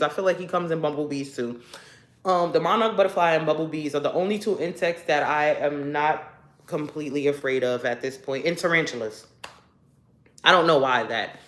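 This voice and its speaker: Congested woman rambling in a roomy echo. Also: lowish voice. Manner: rambling storyteller, laughs often. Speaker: livestream host. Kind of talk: casual chat with viewers.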